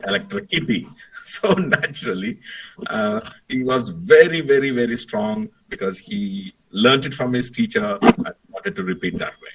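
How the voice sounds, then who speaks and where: A man's voice: medium pitch, sing-song, measured pace, vocal fry, a bit bright, recorded from a distance, low-quality recording. A man giving a lecture and telling an anecdote, hesitant, with many fillers and restarts. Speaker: guest lecturer, Jesuit priest.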